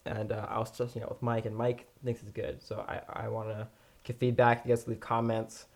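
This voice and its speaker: A man's voice: mid-range voice, monotone, brisk, a little mellow. A young man co-hosting a podcast in casual chat, rambling with lots of fillers and restarts. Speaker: podcast co-host.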